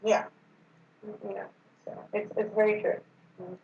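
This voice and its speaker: A woman's voice: mid-range voice, flat delivery, a little slow, dark tone. A young woman in casual chat with her ex, nervous and rambling, often trailing off. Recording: distant roomy muffled mic with faint hiss.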